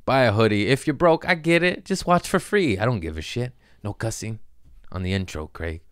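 A man's voice: on the low side, animated, normal speed, dry recording, studio quality. A man in his thirties hosting a comedy podcast, rambling through the intro with self-mocking jokes and a lot of cussing.

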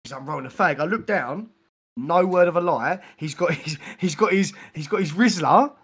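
A man's voice: sits high, normal speed, slightly rough. A man, a podcast co-host telling a rambling, slangy anecdote in casual chat. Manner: animated storyteller, slangy, grows loud when excited.

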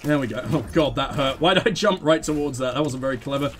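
A man hosting a let's play, giving excitable, self-mocking game commentary full of swearing. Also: mid-range voice, fast talker, slight background noise.

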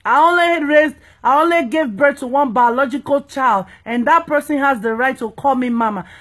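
Woman, evangelist, high-pitched, emphatic, playful, preaching. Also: moderate pace. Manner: emphatic, playful, repeats "you understand?". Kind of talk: preaching talk.

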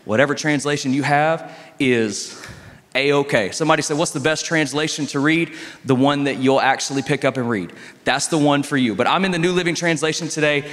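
A male pastor preaching a sermon in a relaxed, conversational storytelling style, leaning on emphatic pauses. His voice sits a little higher than most men's. It rings out with a long reverb through a church sanctuary.

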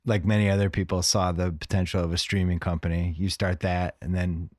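A man's voice: deep voice, little pitch movement, brisk, no echo, studio quality. A man hosting a podcast, asking loose, filler-heavy questions. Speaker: podcast host. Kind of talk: casual interview questions.

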